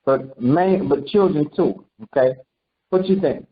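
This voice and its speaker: A man's voice: a little high, unhurried. A man preaching a conversational sermon, quizzing his listeners and acting out quotes. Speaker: preacher teaching a congregation. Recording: dull lo-fi recording.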